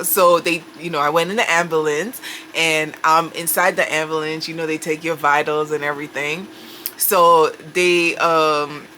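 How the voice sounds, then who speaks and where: A woman telling a personal story in a casual, animated way, acting out her own panicked lines. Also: fairly low pitch, a little hiss or hum.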